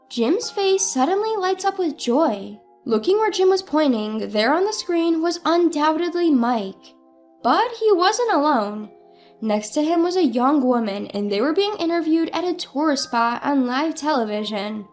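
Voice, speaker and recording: High, lively woman narrating a story. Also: unhurried, faint music behind. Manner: earnest first-person retelling, dramatic. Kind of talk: scripted narration.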